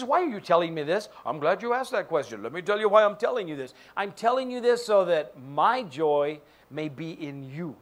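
Lively, animated male pastor preaching. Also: sits high. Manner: animated, jokey, acts out quoted voices. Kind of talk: sermon. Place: church sanctuary.

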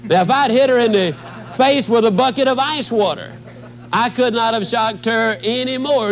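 A man giving a motivational talk as a folksy storyteller, slowing down to stress his points. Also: very high-pitched, poor audio. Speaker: motivational speaker.

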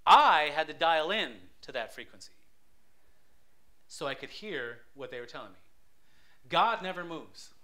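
Bright-voiced man preaching a sermon. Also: fairly high pitch, lively intonation, normal speed, pauses often. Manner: conversational storytelling, swells loud for emphasis; many restarts and stammers. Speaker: lay preacher.

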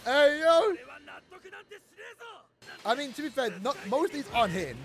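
A man hosting an anime reaction video, reacting loudly with shouts and drawn-out cries, then recapping in a calmer, rambling way. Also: very high voice. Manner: hyped, shouts and stretches out words in dismay. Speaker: anime reaction channel host. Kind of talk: excited anime reaction commentary.

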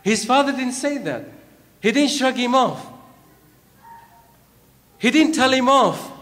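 A man's voice: very high-pitched, expressive, slow, a bit bright. A man preaching a sermon, chanting verses and then explaining them, repeating phrases for emphasis. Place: large hall at a religious gathering. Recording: long hall reverb.

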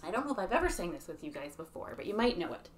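Fairly low-pitched yet swinging widely in pitch, a Canadian woman speaks in rapid-fire bursts with a bit of hiss or hum behind her. She's an early years program leader running a children's song and rhyme circle, chatting to the little ones between verses, captured on a webcam or phone mic.

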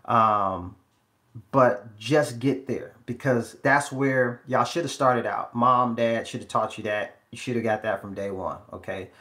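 Guy coaching live, emphatic and repeating himself, mid pitch, echoey room. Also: a little slow, sharp tone. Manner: emphatic, repetitive, talks straight to the viewers. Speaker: relationship life coach. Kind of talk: live-streamed advice talk.

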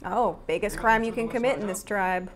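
A woman's voice: medium pitch, moderate pace, a crowd in the background. A woman hosting a drama reaction video, chatting casually and laughing often as she talks back to the screen. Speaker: drama reaction channel host.

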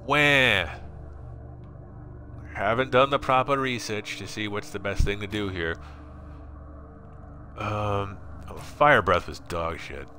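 A man's voice: fairly low pitch, unhurried, pauses often, bright, forceful tone, a little hiss or hum. A man hosting a casual gaming stream from his apartment, rambling, swearing freely, and reading viewer comments aloud. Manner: profane, rambling, reads chat aloud. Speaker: game streamer and host. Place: home apartment.

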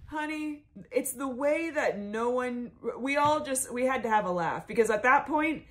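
A woman's voice: high voice, lively intonation, moderate pace, few pauses. A woman comedian telling a story in a sassy, campy way, stretching words out for emphasis. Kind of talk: storytelling stand-up. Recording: music playing behind.

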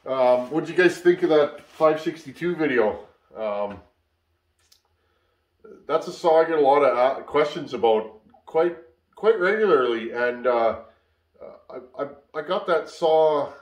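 A man's voice: fairly high pitch, unhurried. A man, tired after a long work week, chatting casually and rambling with lots of fillers as the host of a chainsaw repair channel in his workshop. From Canada. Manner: relaxed, rambling, many "uh" fillers. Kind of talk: casual shop chat. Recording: echoey workshop.

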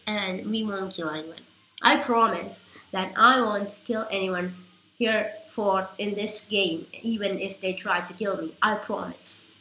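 A woman chatting through live gameplay commentary, rambling and getting excitable at big moments. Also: mid-range voice, measured pace, reverberant, low-quality recording. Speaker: gaming YouTuber.

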